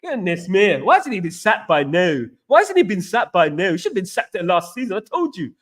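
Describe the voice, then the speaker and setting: A man with a fairly high voice hosts a football live stream. He rants with passion and repeats his points while he works through viewer comments. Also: very animated, a little fast, fairly bright tone. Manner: passionate, repetitive ranting. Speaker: football channel host.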